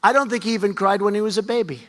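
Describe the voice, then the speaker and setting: A man's voice: sits high, very fast, fairly bright tone, slight background noise. A man in his seventies giving an off-the-cuff campaign speech, boastful and emphatic, repeating his points over and over. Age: 70s. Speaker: politician. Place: large event hall. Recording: reverberant hall with faint crowd.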